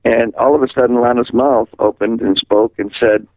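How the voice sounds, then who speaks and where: A man's voice: mid-range voice, moderate pace, few pauses, no room sound. An older man from Massachusetts telling long stories in an interview and acting out the voices of people he quotes. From Massachusetts, USA. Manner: animated storyteller who acts out quoted voices. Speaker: interviewee, musician. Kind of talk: rambling storytelling in a phone interview. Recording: tinny phone line, dry.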